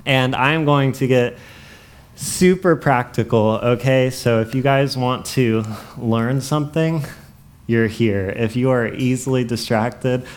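A man's voice: mid-range voice, slow. Male preacher, mid-range voice, casual sermon delivery, laughs at his own jokes.

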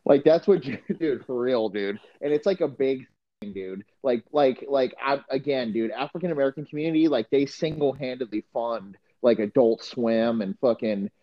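A man's voice: medium pitch, normal speed, highs cut off. A man, a podcast co-host and former football coach, telling crude stories in casual chat with many restarts.

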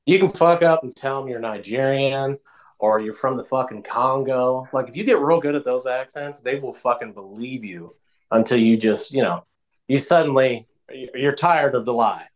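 A man co-hosting a podcast, chatting casually and telling profane, animated jokes. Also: mid-range voice, normal speed, low-quality recording. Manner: animated, profane joking storyteller. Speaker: podcast co-host.

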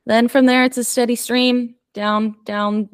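A woman's voice: on the high side, level tone, unhurried, smooth, no room sound, clean studio sound. A woman co-hosting a podcast in casual chat, playfully reading out listener stats. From United States. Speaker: podcast co-host.

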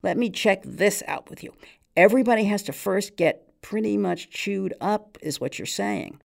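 A woman voicing a weighty older Black man with a high, hilarious note, teasing in a mock-grand way. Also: moderate pace, vocal fry.

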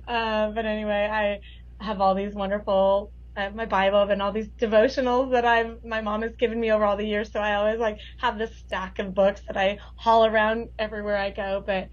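A woman's voice: medium pitch, little pitch movement, a little fast, dull audio. A woman speaking as a podcast guest, gushing and laughing easily in casual conversation.

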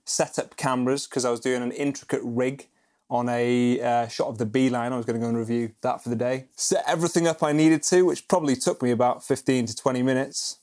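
A man's voice: mid-range voice, steady tone, fairly quick, a little mellow. A man co-hosting a podcast, telling stories in a chatty, self-mocking way and laughing often. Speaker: podcast co-host. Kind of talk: casual podcast chat.

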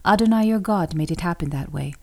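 A woman's voice: fairly low pitch, fast, gravelly. A woman reading the lines of a young younger son who deceives his father, in a careful, plain delivery. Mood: coaxing.

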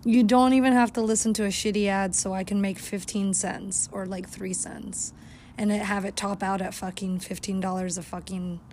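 A woman hosting a casual podcast while walking her dog outdoors at night, rambling and swearing heavily, sometimes yelling at the dog. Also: medium pitch, fairly even intonation, normal speed, slight background noise. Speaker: podcast host.

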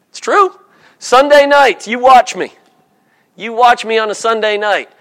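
Male preacher, high voice, jokey storyteller, sermon in church. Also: fairly bright tone. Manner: humorous, storytelling, acts out voices.

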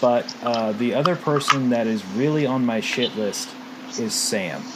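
A man's voice: medium pitch, a little slow, very noisy. A man co-hosting a podcast in casual chat, ranting with exasperated complaints. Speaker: podcast co-host.

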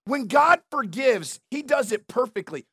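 High-voiced man preaching emphatically. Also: sing-song, measured pace, gravelly, sharp tone, slightly rough, no echo. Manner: emphatic, repetitive, conversational preaching with asides to the crowd. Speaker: pastor. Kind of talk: sermon.

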